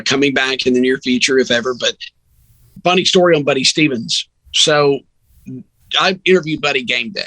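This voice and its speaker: A man, a sports radio announcer, telling a long story in an animated, chatty way as a podcast guest. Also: medium pitch, dry recording, low-quality recording. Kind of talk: casual storytelling.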